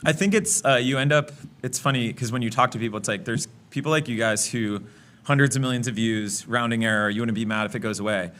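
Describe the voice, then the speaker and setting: A man with a bright, forward voice talks as a guest on a casual podcast. He is chatty, uses plenty of fillers and laughs easily. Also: medium pitch, fast. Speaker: guest, app product lead.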